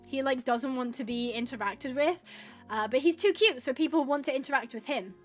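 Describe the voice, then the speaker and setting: A woman's voice: sits high, a little fast, soft background music. A woman streaming a game live, chatting casually and rambling, laughing often and acting out little quotes. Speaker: gaming streamer.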